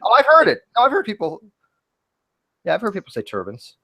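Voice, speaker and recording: A man hosting a casual podcast chat, talking in animated bursts with frequent restarts and casual swearing. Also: sits high, a little fast, slightly rough. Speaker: host.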